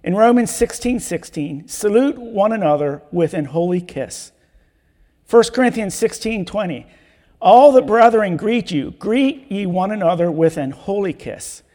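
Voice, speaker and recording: A man preaching a sermon, reading Bible verses in a measured way and repeating key words for emphasis. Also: high voice, lively intonation, dark tone. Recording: long hall reverb.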